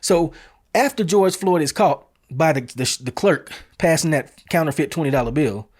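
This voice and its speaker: A man's voice: fairly high pitch, normal speed, breathy edge. A man hosting an opinion commentary show, talking bluntly and emphatically in casual street phrasing. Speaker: show host.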